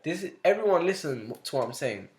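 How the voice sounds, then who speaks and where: A man's voice: fairly high pitch, very animated, brisk. A young man co-hosting a casual podcast chat, blunt and opinionated, swearing and mocking in a whiny voice. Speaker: podcast co-host. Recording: roomy echo.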